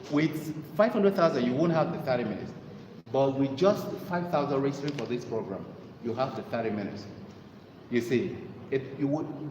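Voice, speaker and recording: Male motivational speaker, expressive storyteller and salesman, recorded far back in a roomy hall with faint ambience. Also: a little hiss or hum. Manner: animated storytelling, sales pitch. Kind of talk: motivational talk to an audience. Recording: echoey hall with long reverb.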